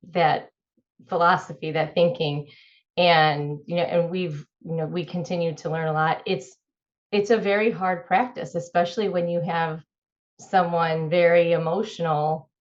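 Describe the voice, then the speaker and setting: Woman co-host with dull lo-fi audio. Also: on the low side. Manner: halting, repeats words while she finds her point. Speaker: podcast co-host. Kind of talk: conversational interview chat.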